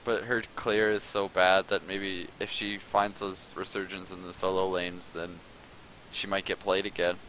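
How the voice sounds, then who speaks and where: A man hosting casual commentary on a video game match, chatting and rambling in a relaxed way. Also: sits low, a little slow, slight background noise, rough recording. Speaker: esports caster.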